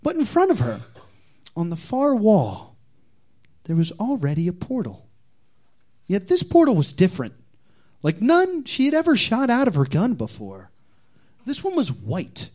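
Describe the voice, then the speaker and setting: A man's voice: high voice, wildly swooping pitch, a little slow, long pauses, a little mellow. A man reading his comic fan fiction aloud as a comedy contestant, with dramatic, playful storytelling.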